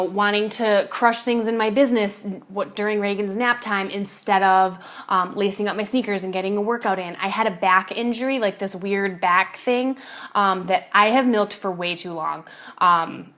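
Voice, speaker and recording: A woman's voice: mid-range voice, fairly bright tone. A woman fitness coach talking to camera in a casual confessional vlog, rambling with fillers and restarts and swearing casually.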